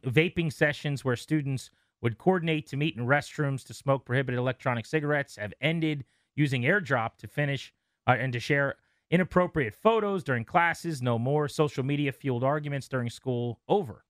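A man in his thirties hosting a radio talk show, reading news stories aloud with relaxed asides. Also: medium pitch, moderate pace, no echo, studio quality. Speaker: radio host.

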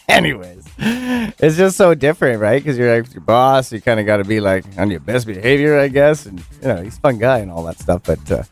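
A man's voice: mid-range voice, animated, brisk, soft background music. A man co-hosting a radio show, telling stories in casual, laughing banter. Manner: chatty storytelling, laughs often. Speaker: radio co-host.

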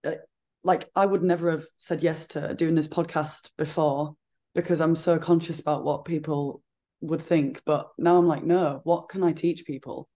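A woman with a regional accent, a fitness coach chatting as a podcast guest, talking in an animated way with lots of "like". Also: low-pitched, normal speed. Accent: regional accent she calls her own. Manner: chatty, frequent "like" fillers, animated retelling. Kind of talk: casual interview chat.

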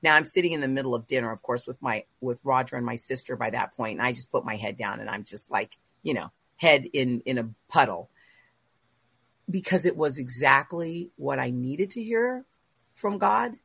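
A woman hosting a faith talk show, telling a personal story in an emotional, animated way with quoted asides. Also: very deep voice, normal speed, gravelly, breathy edge, no room sound. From Los Angeles area. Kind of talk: casual storytelling in a group chat.

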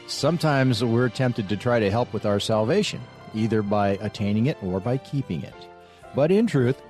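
Low-voiced, lively radio host man. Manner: conversational and storytelling. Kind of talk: scripted broadcast introduction.

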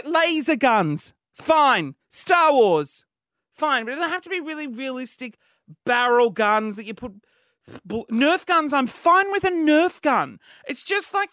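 A woman's voice: high voice, a bit bright, no echo, clean studio sound. A young woman hosting a casual solo podcast, rambling and chatty, circling back on herself and restarting her sentences. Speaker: podcast host.

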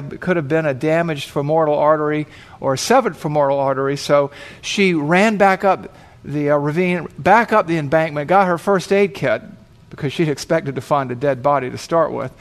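A man preaching, telling a dramatic illustration and acting out the voices of the people in it. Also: a little high. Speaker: pastor. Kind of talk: sermon illustration storytelling.

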